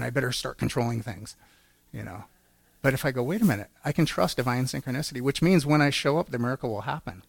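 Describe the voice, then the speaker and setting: Man, gravelly, earnest church testimony, storytelling, dry recording. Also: medium pitch, no room sound. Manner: earnest, storytelling with acted-out quotes. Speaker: church speaker. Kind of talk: personal testimony sermon.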